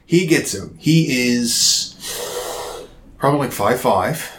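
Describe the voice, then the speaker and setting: A man in his thirties from Nova Scotia, telling a story in a casual chat, animated and profane, acting out quotes. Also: medium pitch, slow pace.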